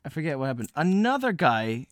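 A man's voice: on the high side, sing-song, brisk, no echo, clean studio sound. A young man co-hosting a podcast, telling stories in a loose, casual way, laughing often and slipping into comic voices for strangers. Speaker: podcast co-host. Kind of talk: casual chat, storytelling.

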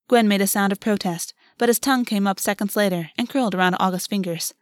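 A woman narrating a novel in an even, measured audiobook reading. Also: mid-range voice, no echo, studio quality. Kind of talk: scripted narration.

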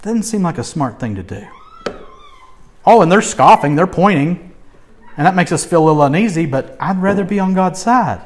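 A man preaching a sermon, emphatic and animated, swinging between loud urging and soft asides. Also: high voice, normal speed.

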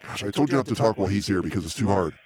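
A man's voice: on the low side, lively intonation, rapid-fire, a little mellow, slight background noise. A man hosting a casual live podcast, dry and meandering, easily exasperated. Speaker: podcast host.

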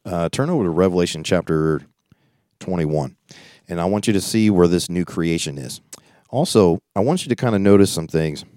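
A man leads a Bible study, reading scripture aloud and pausing often to comment in a loose, conversational way. His voice sits very low and mellow, with a dry, close sound. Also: expressive, dry recording. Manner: reads scripture aloud then comments informally; conversational, with frequent restarts and asides. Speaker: preacher.

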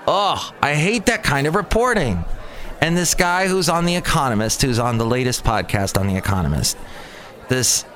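A man hosting a rambling solo podcast, with a voice that swoops up and down as he talks. He sounds animated and exasperated and keeps going off on tangents, recording outdoors near a cafe. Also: medium pitch. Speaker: podcast host.

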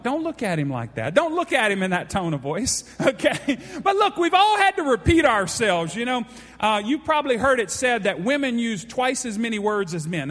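A man's voice: sits high, a bit bright. A pastor giving a folksy sermon, joking with his congregation by name. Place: church hall. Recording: long hall reverb.

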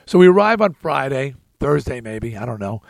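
A man hosting a podcast, telling a story in an animated, emphatic way. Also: medium pitch, moderate pace, gravelly, no echo, studio quality. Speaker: podcast host. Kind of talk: storytelling chat.

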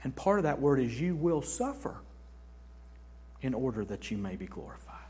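A male pastor preaching a sermon in a church, swinging between hushed passages and forceful, emphatic declarations. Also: medium pitch, big pitch swings, normal speed, breathy edge.

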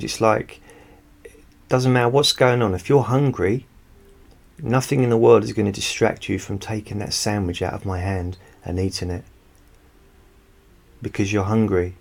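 Soft-spoken, very low-voiced man. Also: creaky. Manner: soft, unhurried, rambling. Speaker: hypnotist. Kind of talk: soft-spoken talk to listeners. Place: home, quiet room. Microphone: studio microphone.

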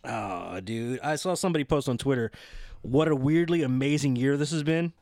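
A man co-hosting a casual chat about wrestling, excitable and rambling, often laughing as he talks. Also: medium pitch, normal speed, dry recording. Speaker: podcast co-host.

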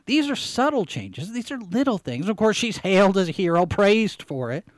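A man's voice: high-pitched, very animated, moderate pace, no room sound. Rambling, emphatic male live-show host. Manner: rambling, with emphatic repetition and many fillers. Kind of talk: casual live-stream commentary.

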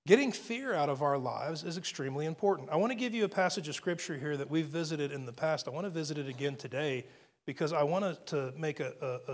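A man preaching a sermon, earnest and building his points, often repeating words as he goes. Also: on the high side. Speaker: pastor.

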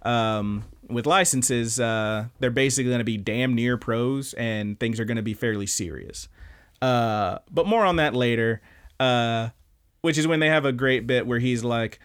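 Young man, podcast co-host, casual profane recap, average pitch. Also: fairly bright tone, smooth. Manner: loose, profane, does quick silly character voices. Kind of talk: casual chat recapping anime.

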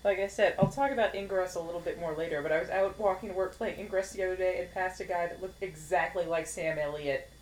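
A woman's voice: lowish voice, fast talker, few pauses, a little mellow, a little hiss or hum, low-quality recording. A young adult woman co-hosting a casual chat, blunt and sarcastic, swearing freely. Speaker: podcast co-host.

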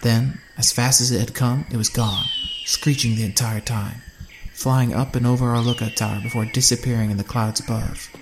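A man narrating a first-person survival story in a steady, measured way. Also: medium pitch, music in the background.

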